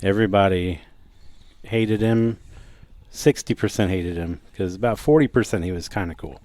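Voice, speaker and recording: A man's voice: sits low, normal speed, darkish tone, no room sound. A man co-hosting a podcast in casual chat, blunt and joking, swearing freely. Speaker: podcast co-host.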